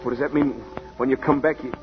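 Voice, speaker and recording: An actor playing a gentle, lovesick young male boxer who speaks softly and haltingly, in 1940s radio acting. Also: medium pitch, fairly even intonation, close to an everyday voice. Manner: soft, halting, plain slangy speech. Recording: dull 1940s radio recording with music.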